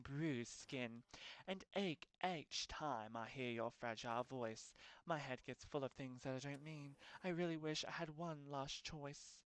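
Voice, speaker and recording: A man's voice: mid-range voice, no room sound, close to an everyday voice, low-quality recording. A man whispering as a creepy obsessed stalker. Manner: slow, hushed and breathy. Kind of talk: whispered role-play.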